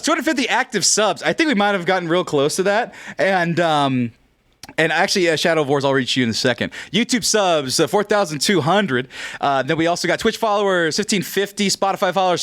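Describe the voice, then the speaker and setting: A man's voice: fairly high pitch, a bit bright. A man in his thirties from California hosting a livestream in a joking, rambling way with playful swearing. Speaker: streamer host. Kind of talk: casual livestream chat.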